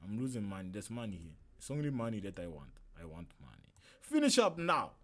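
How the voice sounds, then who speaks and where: A man's voice: deep voice, animated, quick pace, warm tone. A man casually teaching a trading lesson on a livestream, talking loosely and chattily and often checking in with "right?". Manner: loose and chatty, keeps asking "right?", slangy asides. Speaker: trading instructor streaming a lesson.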